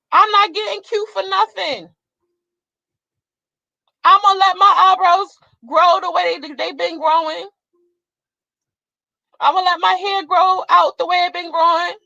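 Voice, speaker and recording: Young woman, fiery profane rant, high-pitched, dry close sound, slightly dull audio. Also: gravelly, sharp tone, dry recording. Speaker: vlogger. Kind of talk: casual ranting monologue.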